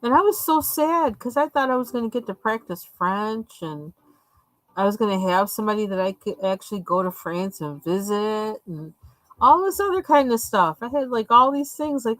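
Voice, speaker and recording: A woman's voice: medium pitch, expressive, moderate pace, a bit bright, dry recording, poor audio. Woman from the US, live-stream host telling a story. Chatty, laughs a lot, plays out what people said. Dry, close mic. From United States. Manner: chatty, laughs often, acts out quoted lines. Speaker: streamer hosting a coloring stream. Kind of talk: casual storytelling chat.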